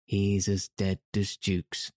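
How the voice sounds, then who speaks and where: A man's voice: low voice, monotone, takes it slowly, dark tone, dry recording, clean studio sound. A man reading an audiobook, voicing a menacing pirate captain who purrs his threats with cruel courtesy. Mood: silky menace.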